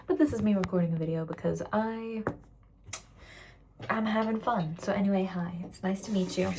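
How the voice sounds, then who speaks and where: A young woman of about twenty with a mixed British-American accent, tired after work, rambling candidly in a casual vlog rant and slipping into soft whispers. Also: mid-range voice, fairly even intonation, moderate pace, long pauses, a little hiss or hum. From raised internationally, living in Britain. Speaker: waitress vlogger.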